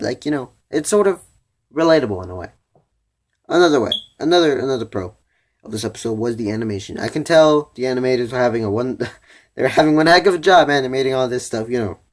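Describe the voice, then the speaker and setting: A teenage boy in a casual video review, rambling with many "you know"s and "like"s, restarting his sentences as he thinks aloud. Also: mid-range voice. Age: teens. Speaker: vlogger reviewing a cartoon episode.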